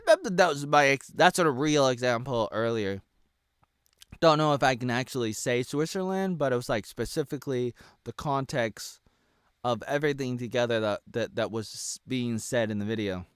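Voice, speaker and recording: A man in his thirties from the United States delivering an erratic ranting monologue, dropping to low mutters and then yelling. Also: normal speed, smooth, no echo. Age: 30s. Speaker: vlogger.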